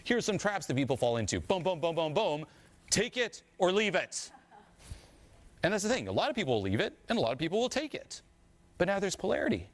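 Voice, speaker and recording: A man's voice: high-pitched, big pitch swings, brisk. A man who is a life coach and speaker, giving a motivational talk in an emphatic, direct manner.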